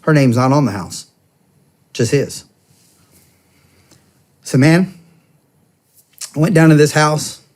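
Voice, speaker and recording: A slightly high, animated voice with a darkish tone moves slowly through an emotional personal story, leaving long pauses. The speaker, a former police officer on a podcast, is earnest and conversational, often restarts his sentences, and acts out what others said.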